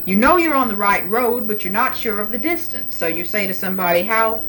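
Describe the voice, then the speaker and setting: A woman's voice: medium pitch, brisk, fairly bright tone, rough recording. A woman interviewer who patiently prompts answers by starting sentences and leaving them for the other person to finish. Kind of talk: dialect survey interview.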